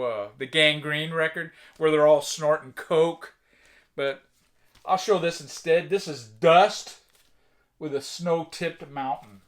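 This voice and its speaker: A man casually showing records from his collection and chatting about each one in a relaxed, joking way. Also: on the high side. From United States. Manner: laid-back, chatty, offhand jokes. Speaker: vinyl collector vlogger. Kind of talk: casual record show-and-tell.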